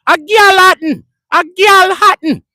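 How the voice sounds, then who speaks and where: A man putting on a loud, joking Jamaican man with a Jamaican accent, stretching words and shouting. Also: no echo, clean studio sound, heavily acted. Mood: loud, teasing. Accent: put-on Jamaican. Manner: high, shouting, drawn-out words.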